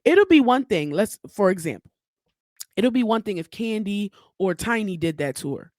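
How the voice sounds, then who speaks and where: A woman's voice: medium pitch, sing-song, normal speed, a little mellow, dry recording, clean studio sound. A woman hosting a podcast alone, giving blunt, heated and profane commentary with many asides. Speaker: podcast host. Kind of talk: solo opinion commentary.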